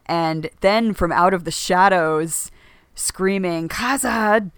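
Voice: medium pitch, fairly even intonation, takes it slowly, fairly bright tone, clean tone, no echo, clean studio sound. A podcast co-host talking casually about a book, rambling with lots of fillers and restarts.

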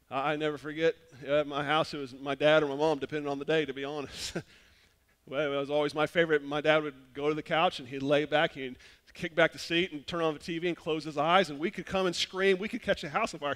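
A man preaching a sermon as pastor, telling lively stories that swing between loud bursts and hushed appeals. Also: on the high side.

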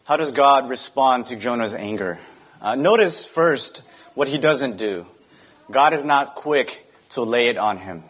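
A young adult man preaches a sermon in an easy, conversational way. He asks his listeners frequent rhetorical questions and slips in personal asides. His voice sits at an ordinary middle pitch. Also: expressive, unhurried, fairly bright tone, husky. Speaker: pastor.

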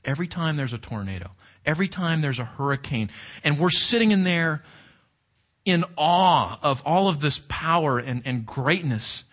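A man's voice: medium pitch, fairly bright tone. A male pastor preaching a sermon with emphasis, reading scripture aloud and asking the congregation rhetorical questions.

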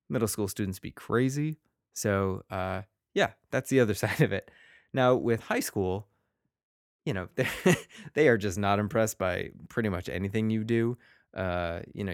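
A man with a lowish, smooth, resonant voice hosts his own podcast as a teacher. He talks in a loose, rambling way, pokes fun at himself and acts out quick quotes from his students. The sound is close and dry, with no room around it. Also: dry recording. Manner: rambling, self-deprecating, plays kids' voices in quotes. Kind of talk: casual podcast monologue.

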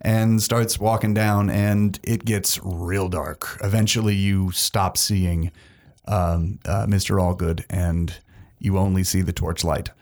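A man narrating as game master, halting with fillers and laughing often. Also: low-pitched, little pitch movement, darkish tone.

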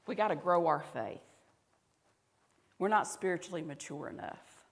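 A woman pastor with a Southern accent preaching a conversational sermon, at times dropping to a soft, intimate voice. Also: lowish voice, normal speed. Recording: reverberant hall.

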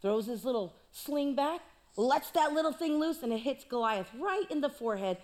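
A woman's voice: high voice, expressive, moderate pace, darkish tone. A woman preaching a sermon, telling the story playfully with jokes and asides.

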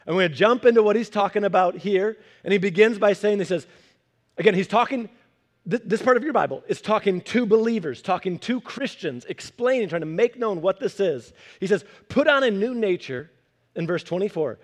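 High-voiced animated young man preaching. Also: brisk. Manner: animated, conversational preaching with acted-out quotes. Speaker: pastor. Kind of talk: sermon.

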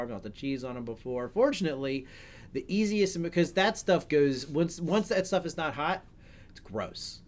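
A middle-aged man hosting a podcast, chatting casually in a rambling way with frequent self-corrections and jokes. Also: fairly high pitch. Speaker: podcast host. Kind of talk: casual chat.

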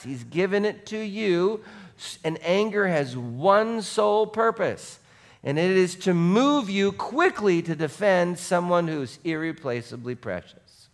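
A man preaching a sermon as pastor, animated, going from soft asides to shouts and acting out what people say. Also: sits high. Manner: animated, swings between soft and shouting, acts out quotes.

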